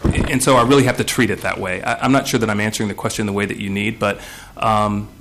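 Male board nominee, lowish voice, hesitant hearing testimony with fillers. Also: fairly even intonation, fast, fairly bright tone. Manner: hesitant, searching for words, many fillers. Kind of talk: testimony at a legislative committee hearing.

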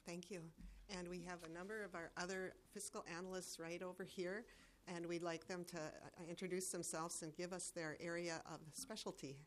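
A woman chairs a legislative committee hearing. Her voice sits fairly low, and she talks in a measured way, full of fillers and restarts. Faint room ambience hangs behind her. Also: flat delivery, slight background noise.

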